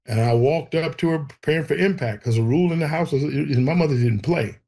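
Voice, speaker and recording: Husky man telling a personal story. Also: a little high, brisk. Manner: animated storyteller acting out voices. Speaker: guest telling his testimony.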